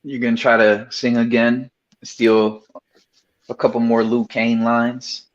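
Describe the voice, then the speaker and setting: A man's voice: medium pitch, level tone, slow pace, dull audio. A man roasting his friends in casual, profane banter, laughing often.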